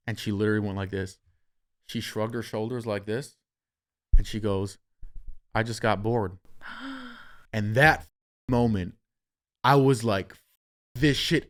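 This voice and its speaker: A young man hosting a podcast, telling a story in a casual, animated way, swearing freely and acting out what people said. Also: fairly low pitch, measured pace, pauses often. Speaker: podcast host.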